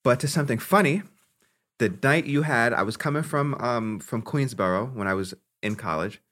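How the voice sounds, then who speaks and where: A man's voice: mid-range voice, moderate pace. A young man, co-hosting a podcast and telling a long story in casual chat, cursing and laughing as he goes. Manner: animated, profane, laughs through his story. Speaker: podcast co-host.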